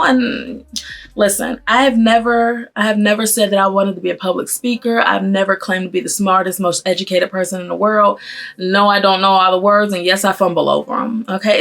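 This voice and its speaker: A woman in her thirties with a mixed Northern and Southern US accent, chatting casually as she gets ready, talking fast and stumbling over her words. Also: mid-range voice, gravelly, fairly bright tone. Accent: mix of Northern US and Southern US. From Pennsylvania, raised in Atlanta. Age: 30s. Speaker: beauty vlogger. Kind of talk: casual get-ready-with-me chat. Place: at home doing makeup.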